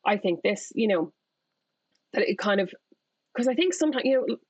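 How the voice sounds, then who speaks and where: A woman's voice: fairly high pitch, expressive, normal speed, darkish tone, breathy edge, no room sound. A woman author speaking as a podcast guest, candid and reflective, often restarting her sentences. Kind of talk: casual conversational interview. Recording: dull, lo-fi audio.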